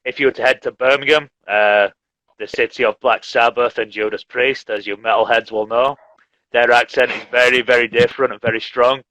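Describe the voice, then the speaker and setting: Man, teacher, relaxed and chatty. Bright tone, dry close sound. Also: mid-range voice, a little fast, no echo, low-quality recording. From Leeds, England. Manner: relaxed, chatty, laughs often. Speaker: English teacher, host. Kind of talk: casual live-stream chat. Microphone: video call.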